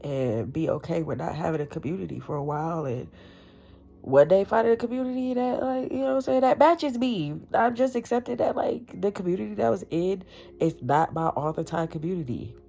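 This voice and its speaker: A woman in her thirties with a notably low voice talks straight to camera, blunt and profane. She leans hard on her words in a candid, unscripted monologue. Faint music sits underneath her. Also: fairly quick, creaky, dark tone. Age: 30s. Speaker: vlogger.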